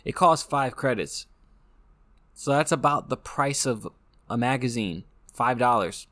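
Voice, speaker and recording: A man's voice: mid-range voice, animated, unhurried, sharp tone. An American man hosting a casual monologue, rambling and joking with frequent restarts. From United States. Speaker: podcast host.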